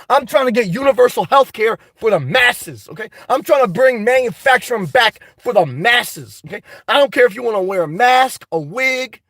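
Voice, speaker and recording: A man's voice: extremely high pitch, a bit bright, no room sound. A man chatting casually on a live stream, answering viewers' comments in a boisterous, blunt, profane way, a little congested. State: slightly congested. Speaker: vlogger reading live chat.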